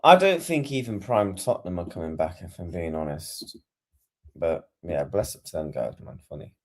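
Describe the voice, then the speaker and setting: A man's voice: deep voice, expressive, normal speed, a little mellow. A man hosting a football stream and chatting casually with his viewers in a laid-back, slangy way. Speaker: streamer host.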